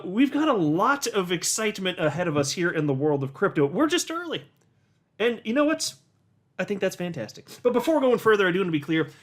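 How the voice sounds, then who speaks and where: A man giving casual, animated commentary as a hobby YouTuber, with sarcastic asides and little rants. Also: on the high side. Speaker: crypto YouTuber.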